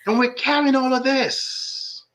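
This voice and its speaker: A woman's voice: high voice, fairly even intonation, a little slow, rough recording. A woman hosting a podcast interview, reflective and affirming toward her guest. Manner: affirming listener, frequent soft agreement. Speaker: podcast host. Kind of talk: interview conversation.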